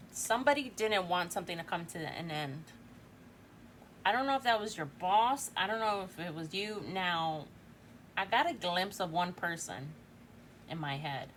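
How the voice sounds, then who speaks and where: A woman in her forties reads tarot casually in a low-leaning, expressive, fairly bright voice, speaking a little slowly with long pauses. She's chatty, thinks aloud, and often adds "right?"; there's slight background noise.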